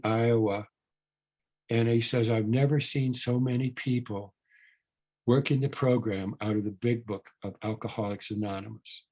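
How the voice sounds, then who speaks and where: A man's voice: on the low side, darkish tone, slightly rough. An older man speaking at a recovery workshop, telling a story in a rambling, earnest way with many restarts and repeated words.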